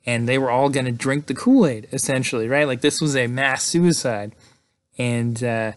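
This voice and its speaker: A man giving a casual, excited movie recap, peppering his talk with "like" and "right?". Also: mid-range voice, moderate pace, no echo. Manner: chatty, excited, fills with "like" and "right?". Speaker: movie reviewer.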